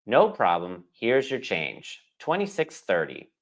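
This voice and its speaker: A man's voice: on the low side, huge pitch swings, measured pace, exaggerated voice. A man reading the part of a helpful post office clerk in a practice dialogue, in a plain, informative way.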